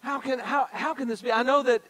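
A man's voice: very high voice, fairly even intonation, a little fast, fairly bright tone, poor audio. A man as a pastor preaching a sermon, speaking directly to the congregation and repeating key phrases for emphasis. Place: church sanctuary.

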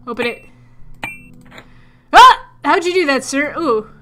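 A woman's voice: sits high, lively intonation, a little fast, fairly bright tone, slight background noise. A young woman casually commenting as she plays a puzzle game, chatting to her viewers and muttering to herself. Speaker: let's player.

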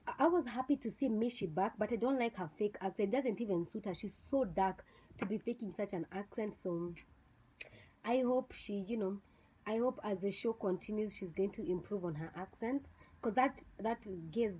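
Young kenyan woman vlogging, blunt and scornful, mid pitch, faint noise behind. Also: warm tone, rough recording. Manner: blunt, scornful, slips into Swahili slang. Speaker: vlogger reviewing a TV show. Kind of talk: casual opinionated review.

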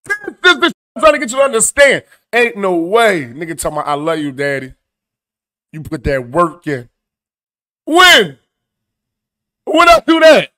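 A man hosting a comedic news commentary show, animated, profane and mocking as he reacts to clips. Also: high voice, normal speed.

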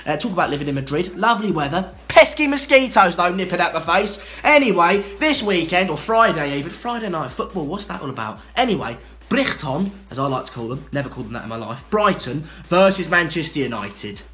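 A man's voice: a little high, big pitch swings, a little fast, a bit bright. A man, a football presenter rambling and joking through a match prediction. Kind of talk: casual self-recorded prediction.

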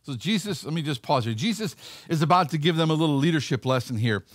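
A man's voice: on the high side, lively intonation, quick pace, no room sound, clean studio sound. A male pastor giving a sermon in a conversational way, acting out the voices of the people in a Bible story.

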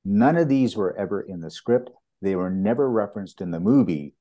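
Canadian guy, older, deep mellow voice, swaps stories and does the voices. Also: normal speed. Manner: animated storyteller, acts out quoted dialogue. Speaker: property master, guest. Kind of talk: anecdotal storytelling in an interview.

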